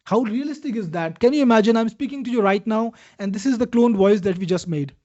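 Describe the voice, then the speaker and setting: A man with a high, mellow voice hosts a webinar, upbeat and salesy as he walks through a software demo and answers viewers by name. The audio is a bit dull and lo-fi. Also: quick pace. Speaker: webinar host demoing software. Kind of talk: live product demo answering viewer questions.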